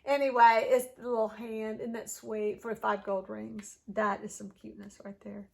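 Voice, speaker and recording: A woman's voice: a little high, little pitch movement, normal speed, vocal fry, a little mellow. A woman, chatting casually as she unboxes a thrift haul and gushes over each piece. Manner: gushing, chatty, talks to the ornaments.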